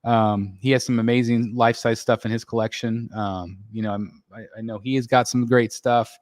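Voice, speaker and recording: A man from the United States hosting a casual live stream, reading out chat and chatting in a relaxed way full of fillers and restarts. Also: medium pitch, normal speed, dry recording, studio quality. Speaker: livestream host reading chat. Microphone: desk microphone.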